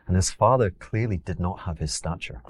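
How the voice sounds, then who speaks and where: A man's voice: low-pitched, normal speed, breathy edge. A Glaswegian man from Scotland, an investor guest telling stories in a casual interview, rambling with many repeats and restarts.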